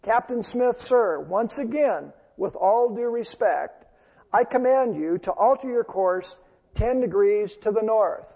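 A man doing a calm, unyielding young private. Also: high voice, a little slow, husky, big-room sound, full character voice. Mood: firm.

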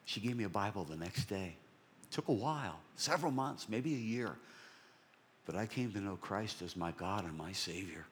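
A man giving a sermon testimony, telling his story in an animated way and dropping to soft whispers. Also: on the low side, normal speed, slight background noise.

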